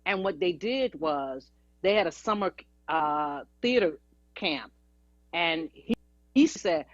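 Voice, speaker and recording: This interview guest, a singer and actress, takes her time telling chatty, anecdotal stories in a lowish, animated voice. The lo-fi recording is dry and dull, with no echo.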